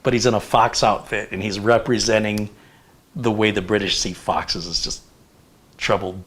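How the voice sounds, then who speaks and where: A man in his fifties hosting a casual live chat, telling stories in an animated, rambling way with lots of fillers. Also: lowish voice, normal speed, husky. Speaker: host.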